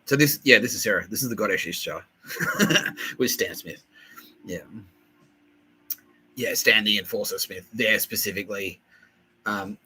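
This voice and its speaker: A man hosting a solo podcast, rambling excitably with lots of swearing and laughter, often acting out what others said. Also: lowish voice, measured pace, long pauses, slightly rough, rough recording. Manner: excitable, profane, laughing, acts out quoted voices. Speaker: podcast host.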